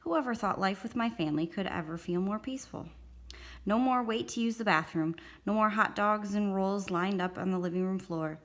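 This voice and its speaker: A woman reading a children's chapter book aloud as a storytime host, calm first-person narration. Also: mid-range voice. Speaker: storytime reader.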